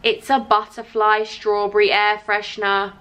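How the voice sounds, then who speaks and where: A young woman from England vlogging to camera, chatty, gushing and excitable as she talks through things. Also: medium pitch, normal speed. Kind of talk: casual vlog chat to camera. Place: indoors at home.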